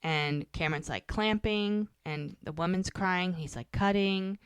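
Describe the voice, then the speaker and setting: A woman's voice: fairly low pitch, smooth, dry recording. A woman co-hosting a podcast, casually retelling a TV episode scene by scene and quoting the characters. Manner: animated retelling, quoting characters with quick voice shifts. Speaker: podcast co-host recapping episodes. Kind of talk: casual recap chat.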